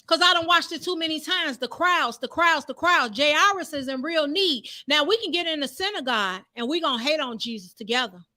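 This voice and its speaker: A woman's voice: sits high, fairly quick, hardly any pauses, sharp tone. A woman preaching a live-streamed sermon in a fervent, repetitive, conversational way.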